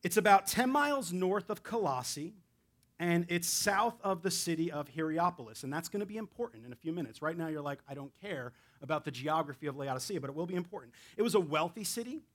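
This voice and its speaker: A man's voice: high voice, lively intonation, a little fast, fairly bright tone. A man preaching as a guest pastor in a church, casual and chatty with self-deprecating asides. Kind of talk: sermon. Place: church sanctuary.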